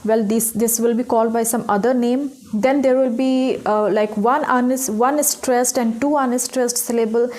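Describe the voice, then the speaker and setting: Higher-pitched woman lecturing. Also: steady tone, unhurried, hardly any pauses, darkish tone. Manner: explanatory, frequent fillers and "okay?" checks. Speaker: English literature teacher. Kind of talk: recorded online lecture.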